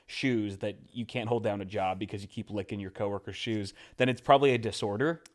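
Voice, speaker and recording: Podcast co-host, man, low-ish voice, casual, stammers and laughs a lot. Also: brisk. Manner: laughs often, stammers and repeats words.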